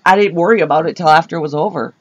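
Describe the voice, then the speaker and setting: A woman co-hosting a podcast, telling an animated, rambling story full of fillers on a dull lo-fi recording. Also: sits low, very fast, no room sound. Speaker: podcast co-host. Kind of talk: casual storytelling chat. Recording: dull lo-fi sound.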